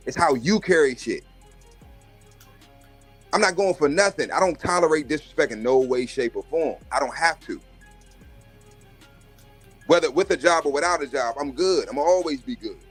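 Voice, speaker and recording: With a slightly high voice that has a breathy edge, a live streamer rants casually and profanely about his job interviews. He's brash and swaggering, imitating the voices of others as he tells his stories.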